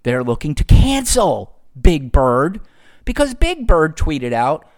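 Solo podcast host, man, slightly high voice, lively sarcastic rant. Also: slow pace. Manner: sarcastic, ranting, profane.

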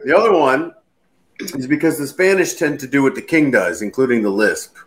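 A man co-hosting a casual beer chat as the bar owner, relaxed and explaining things with easy humor. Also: medium pitch, moderate pace.

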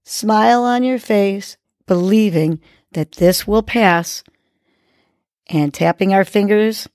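A woman hosting a podcast, leading a breathing exercise and giving gentle, encouraging motivational words. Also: medium pitch, no room sound. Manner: gentle, encouraging, slow and deliberate. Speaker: podcast host. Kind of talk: guided breathing and motivational talk.

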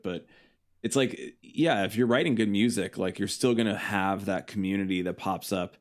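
A man's voice: fairly low pitch, normal speed. A young man from the Chicago suburbs, a band guest chatting casually on a podcast, rambling with lots of "like" and acting out quotes. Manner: rambling, heavy on "like", does quoted voices.

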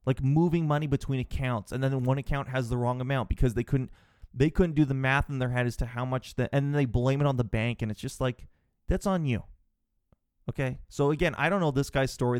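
A man's voice: medium pitch, a little mellow, no echo, clean studio sound. Exasperated man telling a rambling story. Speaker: podcast host. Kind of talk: casual storytelling monologue.

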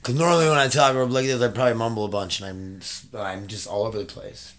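A man's voice: medium pitch, quick pace, hardly any pauses, fairly bright tone. A man in his thirties hosting a casual podcast from home, talking loosely and rambling, with some swearing. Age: 30s. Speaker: podcast host. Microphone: desk mic.

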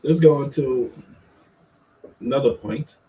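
A man's voice: mid-range voice, a little slow, mellow, low-quality recording. A man talking casually with his wife about marriage, earnest and teasing, acting out what each of them says. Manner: earnest, plays the quotes of both spouses in a raised voice; playful teasing. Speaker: co-host, husband.

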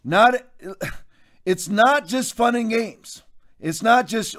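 Emphatic, mocking male commentary host with a fairly high voice. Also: slow pace, fairly bright tone. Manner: emphatic, mocking, folksy asides. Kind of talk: political commentary show.

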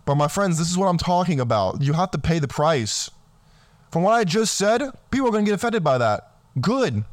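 A man's voice: fairly high pitch, very animated, a little fast, no room sound, clean studio sound. A man from the United States giving a blunt, scornful motivational rant as a vlogger, often saying "my friends".

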